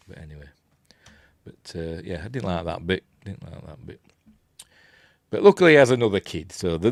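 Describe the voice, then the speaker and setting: Older yorkshire bloke rambling about movies, lowish voice, lots of ums. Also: male voice, no room sound, studio quality. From Yorkshire, England. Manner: rambling, self-deprecating, filler-heavy. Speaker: channel host. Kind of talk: casual live-stream movie chat.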